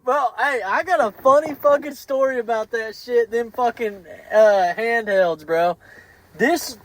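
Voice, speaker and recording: A male podcast host launches into a story about his dogs. He swears constantly, restarts his sentences and gets animated as he goes. His voice sits high for a man. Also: measured pace, poor audio. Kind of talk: casual podcast chat.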